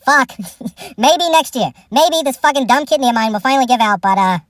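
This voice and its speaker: A woman's voice: high voice, animated, a little fast, dry recording, studio quality, voice pushed up. A woman doing an offhand, grumbling impression of a jaded, burnt-out male comedian.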